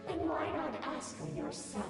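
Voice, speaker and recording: A cryptic, taunting unseen woman in a game; slow, lilting, soft music under it. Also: high voice, lively intonation, creaky, exaggerated voice. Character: mysterious taunting female voice, sly and cryptic. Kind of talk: video game voice acting.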